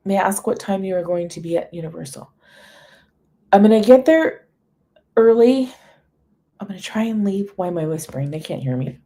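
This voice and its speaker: A woman's voice: mid-range voice, moderate pace, long pauses, warm tone. A woman hosting a casual livestream, chatting with viewers, greeting them by name and reading long menu lists aloud. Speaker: livestream host. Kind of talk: casual live chat with viewers.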